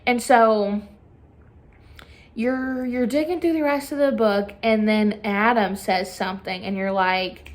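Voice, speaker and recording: A woman's voice: medium pitch, steady tone, takes it slowly. A young woman chatting casually as a book reviewer, filling her talk with constant "like"s. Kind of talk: casual chat.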